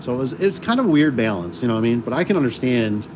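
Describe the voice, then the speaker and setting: A man in the middle of his pitch range talks through a casual livestream, rambling and circling back with fillers and restarts. Behind him an air conditioner hums and vehicles pass, so the recording is noisy throughout. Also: very animated, very fast. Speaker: garage door installer hosting a livestream.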